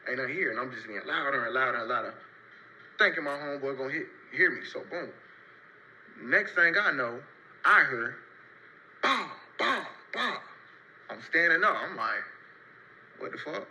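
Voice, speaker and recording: A young man telling a casual story-time tale in loose, rambling, slang-heavy talk, marking each turn with a quick "so boom.". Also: animated, bright, forceful tone, rough recording. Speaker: storyteller in a played clip.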